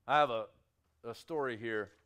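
A man preaching a sermon to his congregation, swinging between quiet, intimate asides and loud, emphatic peaks, with acted-out quotes. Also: mid-range voice, moderate pace. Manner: emphatic preaching with rising shouts and quiet drops. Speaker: pastor. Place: church sanctuary.

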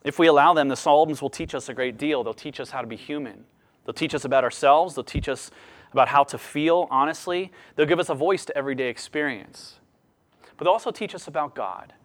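Pastor, male, high voice, expressive sermon delivery with lively swings in tone. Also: brisk. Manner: expressive preaching, lively rises and drops.

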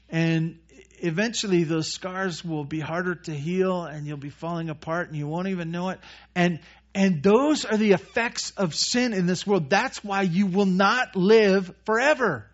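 A man preaching a conversational sermon as pastor, with many restarts and quick acted-out asides. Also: sits high. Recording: dull lo-fi church recording.

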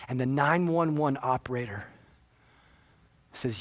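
A man's voice: a little high, a little slow, long pauses, fairly bright tone. A man preaching a sermon, telling a story with earnest, dramatic delivery. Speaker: pastor.

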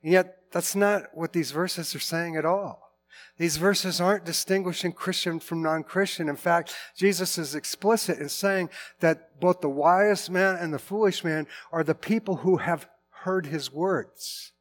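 A middle-aged man preaching in a relaxed, conversational sermon, often restarting and correcting himself mid-sentence. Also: a little high, unhurried, faint music behind. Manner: informal, with frequent restarts and self-corrections. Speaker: pastor.

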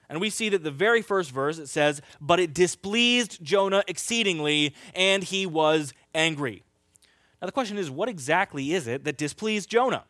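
A man preaching a sermon as a pastor, telling stories in a lively way and acting out scenes. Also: high voice, no echo, clean studio sound. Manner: animated storytelling, acts out scenes.

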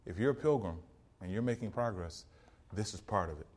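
A man preaching a rousing sermon, swinging from loud peaks to hushed passages and quoting scripture in old King James wording. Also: on the low side, expressive, fairly quick.

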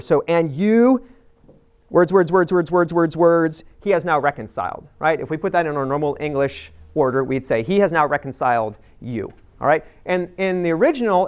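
A man's voice: a little high, smooth. A man teaching a Bible passage to a group in a conversational, emphatic way, often checking in with "right?" and using fillers. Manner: addresses a live group directly.

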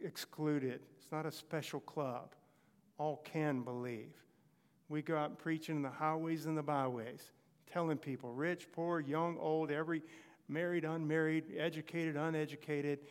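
A man's voice: fairly high pitch, clear, resonant tone, long reverb tail. A man preaching a sermon, telling Bible stories and acting out short exchanges between characters.

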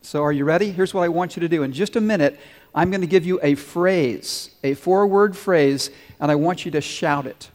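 A man's voice: on the high side, moderate pace. A man preaching a sermon as pastor, earnest and leading his congregation in call-and-response. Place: large church sanctuary. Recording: long hall reverb.

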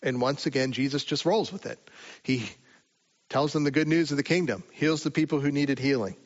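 A man preaching a sermon in a relaxed, conversational way, with rhetorical asides to the listeners. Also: on the high side, fairly quick, dull audio. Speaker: pastor.

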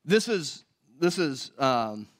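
A man's voice: on the high side, very animated, slow pace. A man preaching a sermon as pastor in a church, talking conversationally, asking rhetorical questions and correcting himself aloud.

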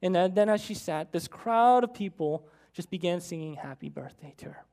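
A preacher telling a story in a sermon, with animated, dramatic storytelling. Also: mid-range voice, normal speed, clear, resonant tone.

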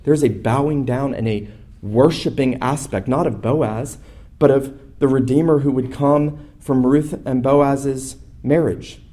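A man pastor preaching a sermon, speaking in rhythmic repeated lists and building from quiet to loud, emphatic passages. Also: mid-range voice, steady tone, unhurried.

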